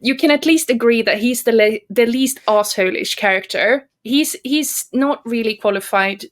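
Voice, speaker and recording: A woman's voice: fairly high pitch, normal speed. A woman co-hosting a podcast, chatting casually about a horror novel, laughing often and restarting her sentences. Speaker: podcast co-host. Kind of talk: casual book discussion.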